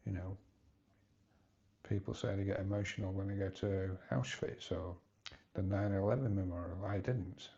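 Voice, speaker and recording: Gravelly-voiced man, halting and hesitant. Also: low voice, steady tone, dark tone, highs cut off. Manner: hesitant, halting, rambling with restarts. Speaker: vlogger. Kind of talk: personal confessional vlog.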